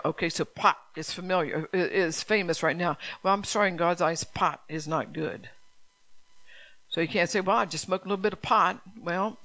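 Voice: medium pitch, a bit bright. Stern pastor preaching hard, repeats stuff, keeps asking the church questions. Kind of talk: sermon.

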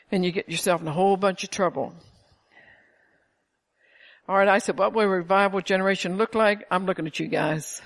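Older woman, preacher, informal sermon, emphatic, chatty storytelling, chuckles between points. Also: medium pitch. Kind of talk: informal sermon to a small congregation.

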